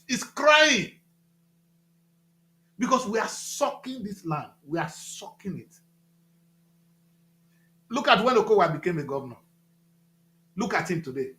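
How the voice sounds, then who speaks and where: A man with a Nigerian accent giving impassioned talk-show commentary, emphatic and repetitive, with loud outbursts. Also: sits high, roomy sound.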